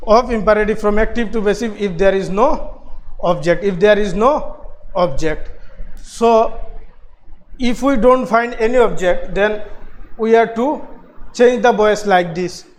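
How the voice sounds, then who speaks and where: A man with a Bangladeshi English accent teaching a grammar lesson, slowly repeating phrases, spelling words out and laughing softly. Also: high voice, rough recording. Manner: slow, repetitive explaining with soft laughs.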